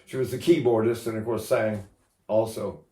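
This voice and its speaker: An elderly man in his eighties acts as a voice teacher, giving a relaxed singing lesson full of chatter and joking asides. His voice is lowish, steady and warm, at a normal speed, with a roomy echo on the recording.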